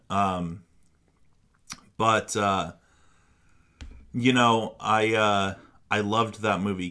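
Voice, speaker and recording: Young male co-host, casual and rambling; forceful, bright tone. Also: on the low side. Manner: rambling, swears often. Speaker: podcast co-host. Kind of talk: casual chat.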